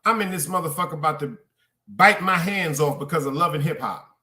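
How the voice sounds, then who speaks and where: Animated storytelling New man. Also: on the high side, fairly quick. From Brooklyn, New York. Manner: animated, profane, repeats lines for emphasis, addresses listeners directly. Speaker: podcast host. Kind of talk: casual storytelling rant.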